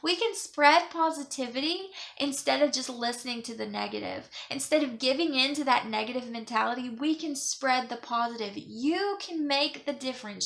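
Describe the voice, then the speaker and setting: Young woman vlogger, bright raspy-edged voice, earnest and emotional, rambling monologue. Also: sits high, moderate pace. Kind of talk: casual monologue to camera.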